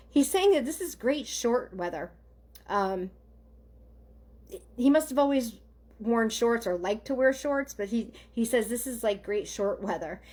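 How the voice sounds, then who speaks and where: Here a woman with a slightly high voice does a live psychic reading for people watching online. She's gentle and halting, saying um and okay again and again.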